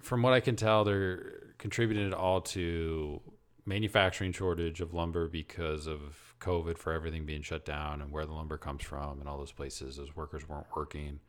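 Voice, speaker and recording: A man's voice: very deep voice, little pitch movement, moderate pace. A man co-hosting a podcast in casual chat, speculating and trailing off into half-remembered facts. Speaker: podcast co-host.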